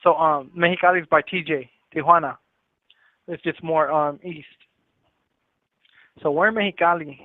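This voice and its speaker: A man's voice: a little high, no echo. A man calling in from prison, casually telling a story in loose street slang and often repeating himself. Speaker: incarcerated caller. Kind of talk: casual storytelling on a phone call. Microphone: prison phone. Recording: tinny dry prison phone line.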